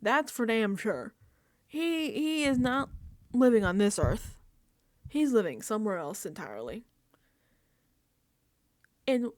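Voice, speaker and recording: A woman hosting a reality TV recap, ranting casually and acting out quotes in an exasperated, animated way. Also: on the high side, takes it slowly, long pauses, no echo, clean studio sound.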